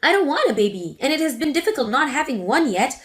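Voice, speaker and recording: A woman's voice: sits high, sing-song, fast talker, soft background music. A woman voicing an indignant adult daughter confronting her mother in a dramatic story reading. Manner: indignant, forceful.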